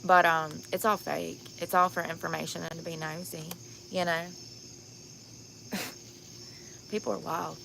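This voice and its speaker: A woman's voice: fairly low pitch, steady tone, a little slow, gravelly, long pauses, background noise. A tired, sunburnt woman vlogging outdoors at night, telling stories bluntly and candidly and laughing often. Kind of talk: casual outdoor storytelling vlog.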